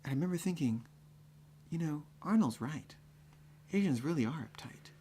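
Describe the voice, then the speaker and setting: A man with a fairly high voice telling a personal story from his own life. He talks loosely and conversationally, leaning on fillers like "you know" and "like." The delivery is relaxed and unscripted. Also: moderate pace, slight background noise. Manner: conversational, full of fillers, builds to excited acting-out.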